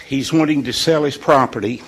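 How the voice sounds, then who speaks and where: A man leading an informal morning devotional in a folksy, conversational way, pausing on purpose for emphasis. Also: mid-range voice, husky. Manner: folksy and conversational, with deliberate pauses. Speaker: devotional leader.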